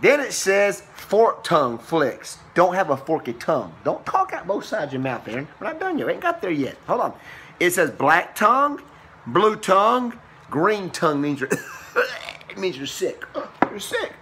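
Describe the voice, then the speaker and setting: A man reading a picture book aloud to a young child in a playful, exclaiming way, slowing on the quoted lines and ending with a short Bible lesson. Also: wildly swooping pitch, a bit bright, slight background noise. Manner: playful, exclaiming, with sudden high squeals and slow drawn-out quoted lines; turns preachy when giving a Bible lesson. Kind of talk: animated read-aloud storytime.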